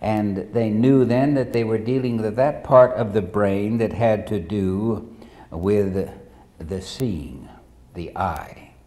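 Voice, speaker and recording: A man preaching a sermon as pastor, telling a story in a measured way and speaking directly to the congregation. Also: on the low side, mellow.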